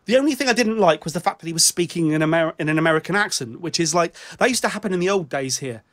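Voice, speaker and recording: A man's voice: a little high, lively intonation, racing, fairly bright tone. A British man hosting a casual chat about music, often stopping and restarting his sentences. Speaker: show host.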